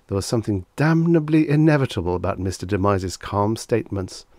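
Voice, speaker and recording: A man narrating a vintage short story as an audiobook reader, in a steady storytelling manner. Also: fairly low pitch, a little fast, no room sound, clean studio sound.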